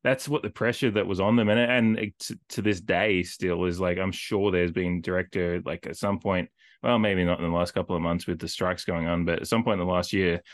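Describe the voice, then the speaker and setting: A man co-hosting a casual film podcast, rambling and animated, full of filler words as he retells scenes. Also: low voice, fairly quick, no room sound, clean studio sound. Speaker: podcast co-host.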